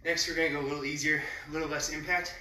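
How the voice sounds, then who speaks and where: A man's voice: fairly high pitch, flat delivery, rapid-fire, pushed and bright. A man leading a live online workout, counting and cueing moves while he exercises, with chatty asides between sets. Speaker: fitness trainer. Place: home room. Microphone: camera mic at a distance. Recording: echoey room, voice far from mic.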